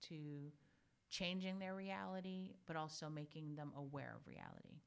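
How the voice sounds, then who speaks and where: A woman's voice: low voice, moderate pace, gravelly, clean tone. A middle-aged woman in casual conversation, telling stories with energy and acting out what people said. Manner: animated storyteller, acts out voices. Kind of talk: casual chat.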